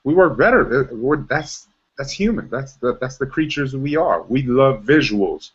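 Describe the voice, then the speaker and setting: A man's voice: mid-range voice, expressive, normal speed, fairly bright tone, slightly rough. A man leading a team meeting, talking about how to show rather than tell, with many restarts and fillers. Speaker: team leader. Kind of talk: motivational team meeting talk. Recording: dull lo-fi sound.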